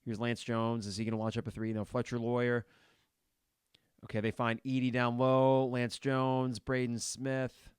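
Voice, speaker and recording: A man's voice: mid-range voice, monotone, unhurried, smooth, dry recording, clean studio sound. A man hosting a sports podcast, reacting live to a basketball game with blunt, frustrated commentary and casual swearing. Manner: blunt and frustrated, shouts at players.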